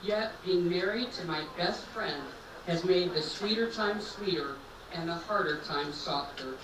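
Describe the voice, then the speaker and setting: At a rehearsal dinner in a banquet hall, a middle-aged woman, the groom's mother, gives an earnest, sentimental, heartfelt toast. Her voice is lowish and a little slow. The audio is captured from a distance in an echoey hall, with background noise.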